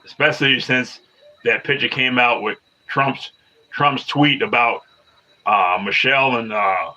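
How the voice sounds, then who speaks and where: Man, fifties, live-stream host; bright, forceful tone; loops phrases, answers chat combatively; dull lo-fi sound. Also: medium pitch, measured pace. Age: 50s. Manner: repetitive, restarts phrases, argues back at commenters. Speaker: livestreamer.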